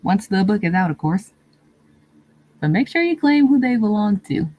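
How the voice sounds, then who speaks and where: Woman, livestream host, casual chat, easygoing, meandering, frequent pauses. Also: mid-range voice, big pitch swings, muffled recording. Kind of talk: casual live-stream chat, reading viewer comments.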